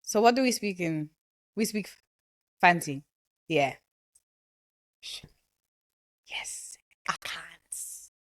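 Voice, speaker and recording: A woman's voice: on the low side, lively intonation, slow pace, long pauses. A young woman from Ghana hosting a podcast, chatting casually, laughing often and dropping into Caribbean slang. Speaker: podcast host. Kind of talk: casual chat.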